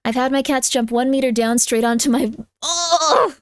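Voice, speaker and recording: A woman streamer chatting casually at home, talking fast with lots of "like" and letting out sudden loud yelps at her cat. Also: high-pitched, dry recording, studio quality. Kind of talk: casual live-stream chat. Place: home room with cats.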